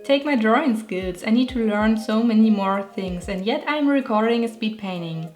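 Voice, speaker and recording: A woman's voice: a little high, animated, normal speed, darkish tone. Young german lady w/ german accent, chatty and joking at herself, bit of music in the back. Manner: playful, self-mocking, laughs often. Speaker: illustrator and vlogger. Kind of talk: talking over a speed painting video.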